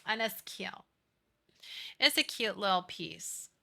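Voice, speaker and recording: Bubbly, very bright-voiced woman streamer. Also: mid-range voice, takes it slowly, gravelly. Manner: gushing and excitable, with gasps and baby talk. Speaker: game streamer. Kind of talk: casual live-stream chat while playing.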